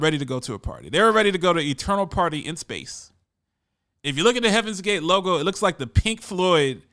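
A man's voice: high-pitched, bright, forceful tone, clean tone. A man telling a story in a casual monologue, conversational and often repeating words as he restarts.

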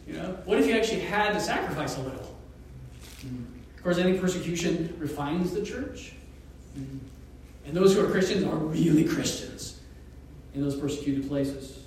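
Man preaching in a church, animated storyteller; high-pitched, heard from a distance in a roomy echo. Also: slight background noise. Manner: storytelling, animated, with chuckles and pauses. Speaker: pastor. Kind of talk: sermon. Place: church sanctuary.

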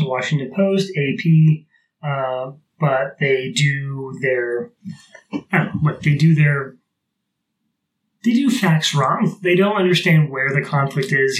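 A man's voice: mid-range voice, rough recording. A man co-hosting a podcast, chatting casually, rambling with sarcastic asides. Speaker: podcast co-host. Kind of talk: casual chat.

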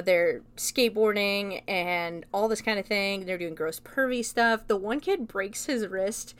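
Young woman, casual reviewer, loose chatty retelling, mid pitch. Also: a bit bright. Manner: loose, chatty retelling with frequent swearing and laughs. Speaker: film reviewer.

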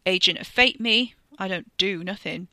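A woman's voice: medium pitch, normal speed, bright, forceful tone, dry recording. A woman voicing a smug young man who mocks and taunts his cousin, in a read-aloud story. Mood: taunting. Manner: mocking, taunting.

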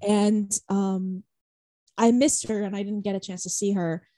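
A woman's voice: medium pitch, fairly even intonation, a little slow, dark tone, no room sound. A young woman telling a concert story in casual chat, rambling, saying "like" a lot, swearing and laughing often. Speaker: podcast co-host.

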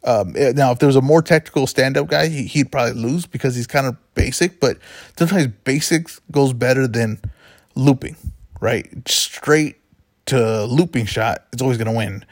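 A man's voice: medium pitch, normal speed, no room sound. Give me a rambling male host talking sports bets, in a dry room. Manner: chatty, rambling, self-correcting. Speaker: podcast host. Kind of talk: casual sports betting chat.

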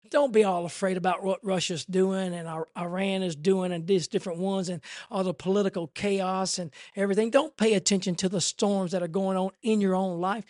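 A man preaching a sermon in an impassioned, repetitive way that swells toward near shouting. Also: high voice, dry recording, studio quality.

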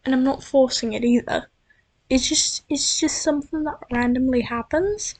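At normal speed and in a high voice with a darkish tone, a young vlogger from the United States rambles casually at home at night. Her computer's built-in mic catches an American accent that drifts a little British-sounding. She's chatty and self-deprecating and frequently restarts.

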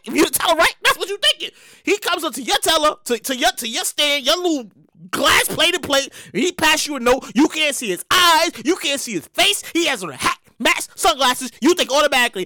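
A man hosting his own podcast, telling a story in an excitable, slangy and profane way. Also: extremely high pitch, fairly quick, no echo. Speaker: podcast host. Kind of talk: casual comedic podcast monologue.

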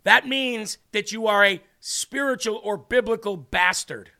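A Midwestern man with a high voice leads a Bible teaching. He reads a verse, then unpacks it in an earnest, chatty manner, with a bright, forceful tone. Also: a little slow. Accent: Midwestern American. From Illinois. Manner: earnest, conversational, reads scripture then explains it. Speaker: host of a faith show. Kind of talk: Bible teaching with casual commentary.

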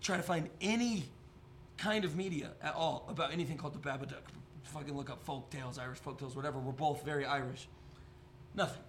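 With a little background noise, a young man with a slightly high voice and quick pace hosts a podcast. He rambles casually and tells jokey tales full of swearing.

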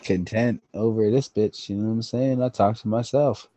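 A man's voice: on the low side, fairly even intonation, normal speed, no echo, poor audio. A young man co-hosting a podcast, chatting casually and swearing freely. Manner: profane, laid-back, bursts into loud acting. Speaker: podcast co-host. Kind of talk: casual chat.

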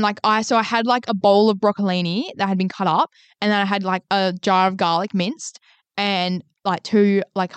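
A woman's voice: mid-range voice, clean tone, no echo. A young woman, co-hosting a casual podcast chat, swearing freely and full of "like" fillers. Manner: sweary, lots of "like" fillers, animated retelling. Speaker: podcast co-host.

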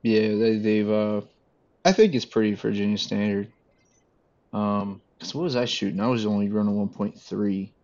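A man chatting casually with friends, relaxed and laughing between points. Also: on the low side, normal speed, dull audio. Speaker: podcast co-host. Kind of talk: casual chat.

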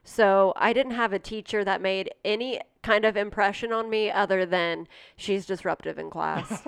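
A woman's voice: mid-range voice, moderate pace, gravelly, clean tone, no room sound, clean studio sound. A woman hosting a podcast in casual chat, joking and sarcastic, swearing freely. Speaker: podcast host.

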